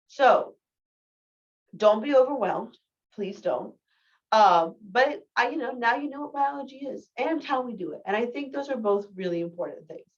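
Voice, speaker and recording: A woman's voice: on the high side, animated, normal speed. A woman in her thirties giving a recorded biology lecture in a casual, candid, self-deprecating way. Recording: distant, dull lo-fi mic.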